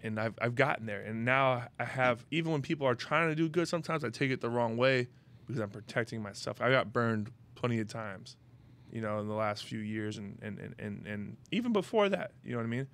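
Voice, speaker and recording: This young podcast host spins personal stories in a loose, meandering way, peppering them with "you know what I mean" and offhand swearing. His mid-range voice is expressive, creaky and fairly bright, and he talks a little fast.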